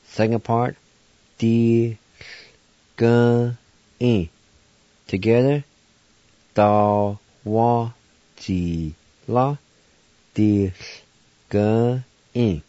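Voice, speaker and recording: A man's voice: fairly low pitch, fairly even intonation, takes it slowly, long pauses, mellow, no echo, dull audio. A man giving a radio language lesson, patiently spelling words out syllable by syllable and pronouncing them. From Oklahoma, United States. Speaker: language teacher.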